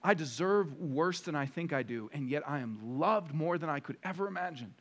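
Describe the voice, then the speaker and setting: A man preaching from the pulpit in a fairly high voice. He drives his points home with rhetorical questions, dropping low and then rising loud and urgent. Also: expressive, normal speed. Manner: emphatic, swinging from quiet to loud with rhetorical questions. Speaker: pastor. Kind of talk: sermon.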